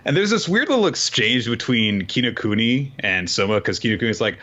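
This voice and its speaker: Bright, lively young man on a lo-fi mic. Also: mid-range voice, brisk, hardly any pauses. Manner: playful, quotes characters in mock voices. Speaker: podcast co-host. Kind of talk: casual podcast chat, recapping manga chapters.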